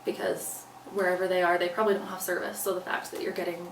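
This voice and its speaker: As an interview guest, this woman relives a personal story with earnest reenactments of her own past words. Her voice is lowish and level, her pace quick, and the recording comes through roomy and distant, with faint background noise.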